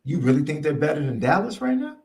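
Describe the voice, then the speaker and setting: A man's voice: a little high, big pitch swings, quick pace, darkish tone. A man co-hosting a sports podcast in casual debate, teasing his partner and repeating points for emphasis.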